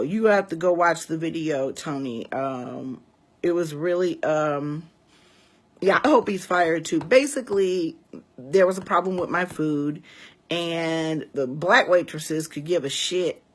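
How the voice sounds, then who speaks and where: Husky profane woman from Chicago. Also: low voice. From Chicago West Side. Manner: emphatic, profane, talks straight to viewers. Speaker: vlogger and priestess. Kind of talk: casual storytelling rant to viewers.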